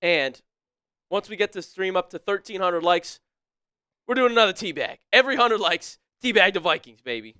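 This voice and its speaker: A young man calling football plays on a live fan stream, shouting at big plays, laughing often, and putting on a playful mock British accent. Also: sits high, lively intonation, moderate pace, smooth, no room sound, studio quality. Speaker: live stream co-host doing play-by-play.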